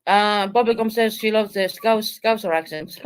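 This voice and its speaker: A woman with a thick Irish accent, chatting casually, quick and agreeable with hesitant fillers. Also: mid-range voice, smooth, no echo. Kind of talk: casual chat.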